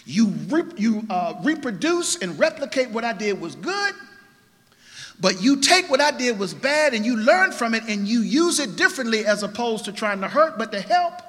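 A man preaching a sermon as pastor, emphatic, swinging between quiet and loud. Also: sits high, in a large hall.

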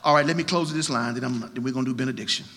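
A man preaching a sermon as pastor, emphatic, swinging between quiet and loud. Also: mid-range voice, racing, big-room sound.

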